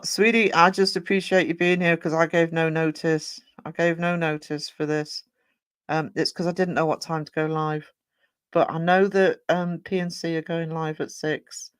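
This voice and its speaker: A live-stream host with a clean, medium-pitched voice talks with no echo. Thanking viewers and reading the chat out loud, they ramble casually and keep inserting fillers and correcting themselves.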